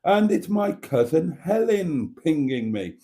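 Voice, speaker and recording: A man's voice: on the high side, big pitch swings, slow pace, mellow. A British man hosting a casual live stream, camp and teasing, with a stuffy nose. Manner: camp, theatrical, teasing, calls viewers darlings.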